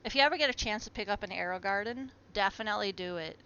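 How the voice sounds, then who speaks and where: On a live stream, a woman chats casually to her plants and her viewers at home. Her voice is medium-pitched, fast, bright, forceful and smooth, heard through muffled lo-fi stream audio with faint noise.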